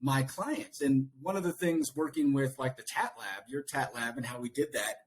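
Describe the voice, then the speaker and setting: A man who is a coach, a podcast guest, speaking earnestly and reflectively in casual conversation, often animated. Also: mid-range voice, normal speed.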